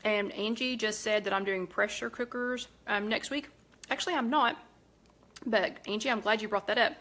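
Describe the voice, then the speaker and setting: A middle-aged woman with a lilt talks casually to her live-stream viewers. She rambles, stops to correct herself, and fills pauses with "um" as she chats along. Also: mid-range voice, fairly even intonation, fairly bright tone. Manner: chatty, rambling, many fillers and self-corrections. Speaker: host of a live cooking chat.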